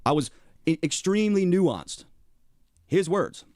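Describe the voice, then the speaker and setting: A man's voice: sits high, animated, a little slow, darkish tone, dry recording, clean studio sound. A man ranting sarcastically and with profanity in a played clip. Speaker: YouTube commentator. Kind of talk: mocking rant in a played clip.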